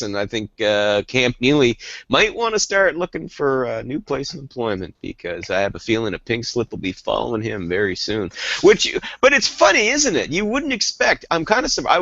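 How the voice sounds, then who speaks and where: A man's voice: mid-range voice, fairly bright tone, no room sound, highs cut off. A man co-hosting a hockey talk show, rambling in casual chat with lots of fillers and restarts.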